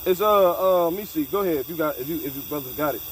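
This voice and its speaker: A man's voice: a little high, racing, a little hiss or hum, poor audio. A man leading a casual scripture discussion, emphatic and profane, mixing street slang with Bible reading. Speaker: scripture study leader.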